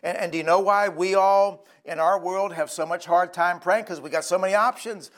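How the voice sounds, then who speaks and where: A man's voice: sits high, steady tone, moderate pace, a bit bright. A male pastor preaching a sermon in an earnest, conversational storytelling way.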